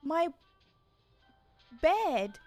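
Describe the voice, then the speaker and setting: A young woman streaming a video game live, excitable, shrieking and yelling when things get tense. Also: sits high, very slow, no echo. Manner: excitable, shrieks and yells under pressure. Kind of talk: live gameplay commentary. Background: game music.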